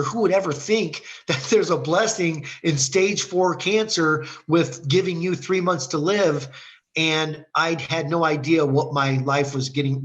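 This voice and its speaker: A middle-aged man from Ohio shares his faith testimony as a guest. He speaks in a somewhat high voice over a video call. His telling is earnest, and he slips into the voices of the people in his story. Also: a bit bright. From Ohio, USA. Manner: earnest storyteller who acts out quoted dialogue.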